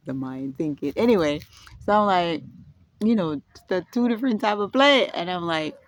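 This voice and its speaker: Woman vlogger, lower register, dry close mic, loose rambling delivery with laughs. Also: expressive, no echo. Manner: rambling, halting, bursts of laughter. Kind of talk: casual spoken reflection. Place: indoors at home.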